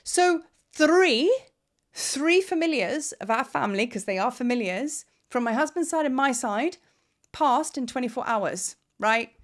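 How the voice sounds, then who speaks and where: A woman's voice: high voice, lively intonation, measured pace. A woman spiritual teacher talking casually to her camera at home, rambling and heartfelt, holding back tears. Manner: rambling, heartfelt, trying not to cry. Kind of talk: casual vlog talk to camera. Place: at home in Cape Town.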